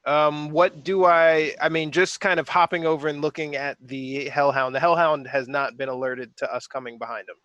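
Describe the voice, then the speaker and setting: A man playing a tabletop game who checks the rules and asks quick questions about what his character can do. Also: fairly high pitch, fairly even intonation, fairly bright tone, no echo, highs cut off. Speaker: player. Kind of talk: casual tabletop game play.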